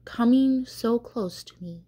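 A woman voicing a remorseful, proud male tree in a storybook reading, with high, strained cries. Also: slow, dark tone. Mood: sorrowful.

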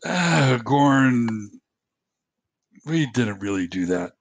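Slow, gravelly-voiced man at a game table. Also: medium pitch, big pitch swings, dry recording. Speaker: player. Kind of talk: tabletop role-play, in-character talk.

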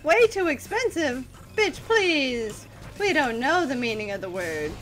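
A young woman hosting a gaming channel, giving excitable, playful, self-mocking let's-play commentary. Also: high voice, a little slow, soft background music.

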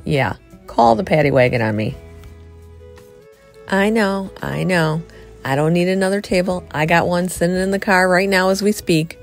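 A middle-aged woman chatting excitedly to viewers as she shops a thrift store, filming on a handheld phone. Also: fairly low pitch, moderate pace, faint music behind. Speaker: vlogger. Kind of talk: casual thrift-store vlog chat.

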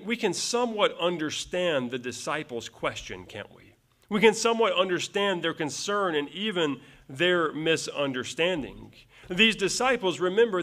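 A man's voice: sits high, a bit bright. A male pastor preaching a verse-by-verse sermon, earnest, repeating phrases for emphasis and closing points with rhetorical tag questions.

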